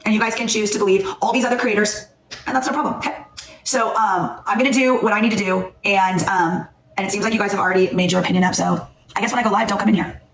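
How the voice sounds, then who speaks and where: Upset woman ranting fast on a live, blunt and angry, kinda far from the phone in an echoey room. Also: medium pitch, steady tone, a little hiss or hum. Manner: angry, blunt, repeats herself for emphasis. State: upset and shaking. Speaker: livestream host. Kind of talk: heated livestream talk.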